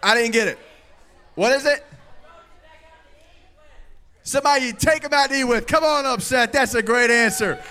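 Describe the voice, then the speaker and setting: A male youth pastor preaches a lively sermon with a high, bright, ringing voice, engaging the crowd and joking with the room. Playful and energetic, he calls out loudly to his listeners at normal speed, pausing often. He uses a handheld microphone in a youth service hall.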